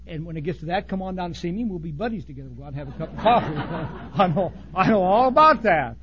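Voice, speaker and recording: A man preaching a blunt, folksy sermon to ministers, swinging from loud outbursts to hushed asides. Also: on the high side, very fast, muffled recording, slight background noise. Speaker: pastor.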